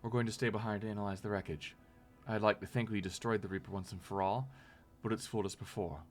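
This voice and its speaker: A man voicing a brisk female military lieutenant who gives a measured, formal briefing. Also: lowish voice, steady tone, soft background music, close to an everyday voice.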